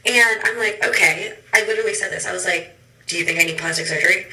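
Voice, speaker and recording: A woman's voice: lowish voice, a little fast, bright, forceful tone, echoey room, poor audio. A young woman content creator telling a casual story to camera, acting out what people said to her. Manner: chatty, acts out dialogue with a swearing punchline.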